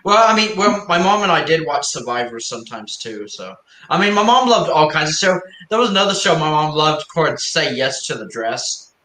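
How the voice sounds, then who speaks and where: Male host, casual rambling chat, slightly high voice, roomy echo. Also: big pitch swings, normal speed, bright, forceful tone. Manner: rambling, many "I mean" fillers, easy laughs. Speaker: live stream host.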